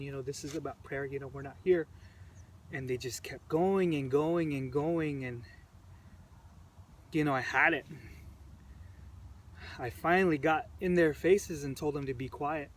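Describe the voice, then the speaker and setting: Emotional man telling his story, heard from a distance. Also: on the high side. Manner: earnest, halting, repeats phrases while recounting. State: emotional, choked up. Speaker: protester recounting events. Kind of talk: personal storytelling to camera. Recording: distant mic with faint background noise.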